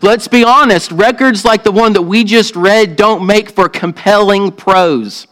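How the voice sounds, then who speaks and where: Speaking at a measured pace in a voice that sits high and a bit bright, a Southern-accented pastor delivers a sermon on a low-quality recording. He begins with a prayer, preaches earnestly, and questions the congregation directly.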